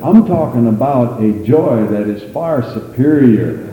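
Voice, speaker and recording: A man's voice: expressive, unhurried, dark tone. Fervent preacher man in an echoing hall. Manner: fervent, rising to high exclamations, calls for amens. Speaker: pastor. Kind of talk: sermon. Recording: echoey church hall with long reverb.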